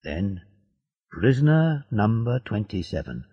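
A man reads a storybook in a measured way, his voice gravelly and husky. His pitch moves a lot from line to line. The recording sounds dull and lo-fi. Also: very animated. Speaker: narrator. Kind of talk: storybook narration.

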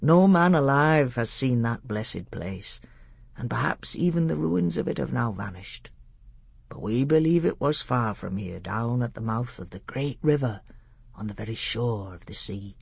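A man voicing a wise, gentle old male tutor in a measured, earnest audiobook reading. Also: medium pitch, expressive, no room sound, heavily acted. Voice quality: gravelly, husky. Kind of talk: audiobook character voice.

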